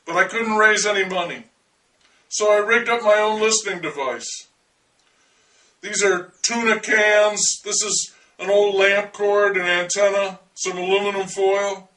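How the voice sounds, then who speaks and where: A man's voice: sits high, fairly even intonation, pushed and bright, recorded from a distance, poor audio. Man playing a wry, eccentric alien-listener. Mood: earnest wry. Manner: wry, confiding, deliberate monologue to the listener. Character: earnest eccentric man devoted to hearing aliens.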